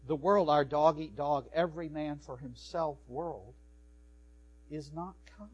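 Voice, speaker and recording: A man, a pastor, preaching a sermon with animated swings from soft to loud. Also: a little high, unhurried, breathy edge, highs cut off. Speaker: pastor and professor.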